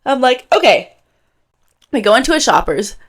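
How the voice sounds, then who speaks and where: A woman in her twenties from Canada, co-hosting a podcast in casual chat, telling an animated story and acting out what people said. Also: high voice, moderate pace, slightly rough. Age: 20s. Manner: animated storytelling, acts out quotes. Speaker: podcast co-host.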